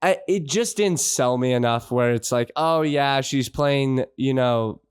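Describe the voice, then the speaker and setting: A man's voice: medium pitch, measured pace, clean tone, no room sound, clean studio sound. A man co-hosting a podcast, rambling frustrated through a casual film review with many restarts. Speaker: podcast co-host.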